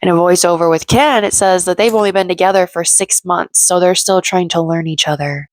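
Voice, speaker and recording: A woman's voice: lowish voice, brisk, no room sound, faint music behind. A woman recapping a reality show in a chatty, opinionated way, acting out the quotes. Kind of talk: casual commentary recap.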